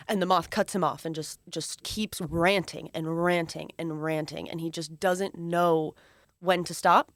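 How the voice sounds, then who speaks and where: A young woman co-hosting a student show, telling a long rambling joke with lively storytelling. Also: deep voice, measured pace, no echo, studio quality. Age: young adult. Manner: lively storyteller, voicing characters. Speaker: co-host.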